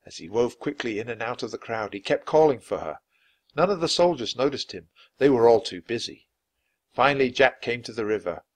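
A man narrating a children's chapter book in a clear, measured read-aloud style. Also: medium pitch, lively intonation. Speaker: storybook reader.

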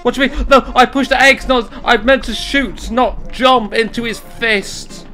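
A young man commentating a video game, excitable and jokey, yelling and swearing at it and talking himself down between fits. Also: very high-pitched, measured pace, soft background music. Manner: talks to himself, jokey asides. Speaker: gaming YouTuber. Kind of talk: let's play commentary.

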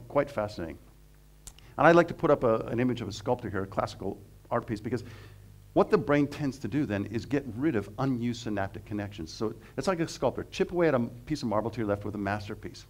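A middle-aged man from Canada, a professor giving a humorous, animated seminar talk that mixes jokes into the teaching. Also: mid-range voice. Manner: animated, joking, acts out quotes. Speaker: guest speaker, professor.

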